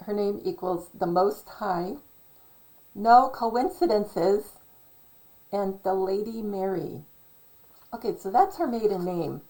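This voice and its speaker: A middle-aged woman rambling through a casual monologue with a gravelly, fry-laden voice. She speaks slowly and hesitantly, with lots of ums and self-corrections. Her tone is dark and mellow, and slightly hoarse as if losing her voice. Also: mid-range voice, low-quality recording. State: losing her voice, clearing throat. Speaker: channel host.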